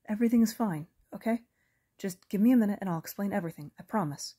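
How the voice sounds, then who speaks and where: A woman's voice: mid-range voice, fast talker, mellow, husky, voice pushed up, close to an everyday voice. A woman voicing a frightened teenage boy, speaking in an urgent, pleading, strained way. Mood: strained calm. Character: frightened teenage boy, the narrator's own character. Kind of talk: audiobook character reading.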